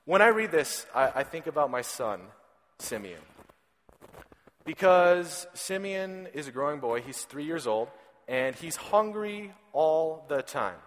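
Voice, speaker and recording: Pastor preaching in an echoing hall. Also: male voice, a little high, big pitch swings, a little slow. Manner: conversational storytelling, repeats words when starting sentences. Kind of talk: sermon. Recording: reverberant hall.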